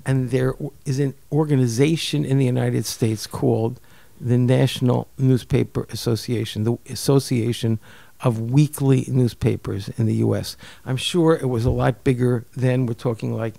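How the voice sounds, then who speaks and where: An older man from New York telling a personal story in an interview, lively and acting out the people he quotes. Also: mid-range voice, normal speed, creaky, no echo. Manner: animated, acts out quoted voices, repeats words. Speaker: guest storyteller.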